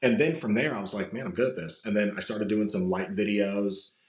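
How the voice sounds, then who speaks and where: A man with a raspy voice, chatting casually as a podcast guest and telling animated stories with a lot of swearing. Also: on the low side, fairly quick. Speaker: guest, voice impressionist. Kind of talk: casual interview chat. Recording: roomy echo.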